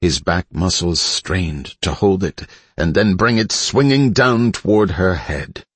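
A man narrates a story in a deep, husky voice. His reading is measured and dramatic. The recording is dry and close, with no room sound. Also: expressive, no echo. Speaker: audiobook narrator. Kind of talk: scripted narration.

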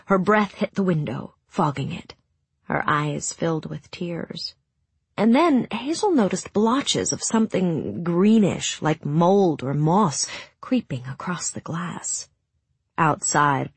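A woman narrating a story in a hushed, emotive reading that sinks to near whispers, with a breathy voice. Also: low voice, dry recording. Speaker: audiobook narrator. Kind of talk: scripted narration.

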